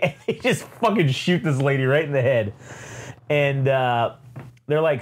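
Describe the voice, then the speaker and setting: A man's voice: mid-range voice, measured pace. A man co-hosting a podcast, casually recapping a comic in a rambling, profane way. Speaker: podcast co-host. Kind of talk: casual chat.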